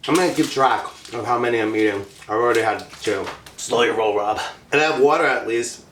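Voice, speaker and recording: A man's voice: medium pitch, fairly quick, a bit bright, echoey room, slight background noise. A man hosting a casual mukbang vlog, chatting and laughing as he eats candy. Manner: chatty, laughing, talking while eating candy. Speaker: vlogger.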